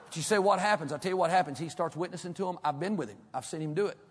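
A Kentucky-raised male pastor preaches in a folksy, animated way, mixing humor into his stories. His voice sits high for a man, and it carries a long reverb through a large church sanctuary. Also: racing, slightly rough. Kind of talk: sermon with storytelling.

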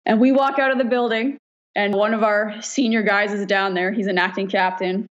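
A woman firefighter from Canada telling stories in a casual interview, frank and quick to laugh, swearing freely. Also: medium pitch, little pitch movement. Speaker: firefighter guest. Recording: dull lo-fi recording.

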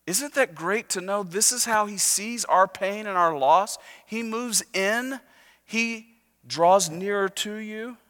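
Male pastor, high bright voice, conversational sermon with humor, reverberant church hall. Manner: conversational preaching with jokes, slowing and softening for emphasis. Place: church sanctuary.

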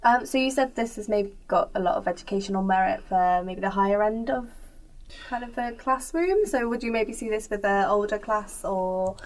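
A woman hosting a podcast, reading brisk prepared introductions and putting questions to the others. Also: medium pitch. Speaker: podcast host introducing segments.

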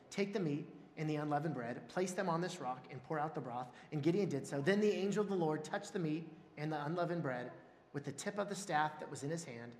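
A man preaching a sermon and telling stories with animated swings into loud, high exclamations. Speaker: pastor. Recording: echoey hall with long reverb.

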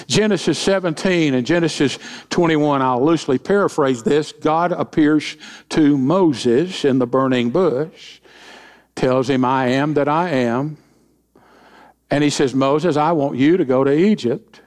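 Male pastor, sermon, folksy storytelling, jokey asides, fairly high voice. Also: measured pace, a little mellow. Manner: folksy, joking asides, acts out quoted voices. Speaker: senior pastor. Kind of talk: sermon with humorous stories.

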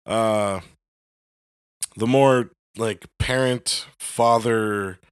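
A young adult man co-hosting a casual faith podcast, talking in an animated way, leaning on "like" and acting out voices. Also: lowish voice, very slow, smooth, no room sound, studio quality. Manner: animated, heavy on "like", acts out voices. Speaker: podcast co-host.

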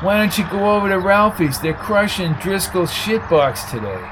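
A man voicing a jittery troublemaker who talks fast and nervous. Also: sits high, animated, noisy background, pitched above the performer's own voice.

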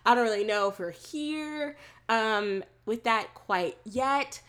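A woman's voice: fairly high pitch, animated, slow, a bit bright. A woman, co-hosting a casual chat, talking loosely with many fillers and easy laughs. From Texas. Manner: chatty, frequent "like" and "um" fillers, laughs easily. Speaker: podcast co-host.

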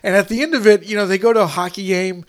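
A man's voice: high voice, fast. A man rambling through a casual chat about movies, full of fillers, restarts and casual swearing.

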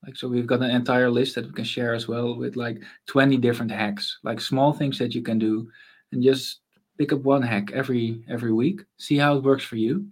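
A man's voice: medium pitch, fairly even intonation, a little fast. A man guest in a casual interview, talking thoughtfully about making mental space, with frequent fillers and restarts.

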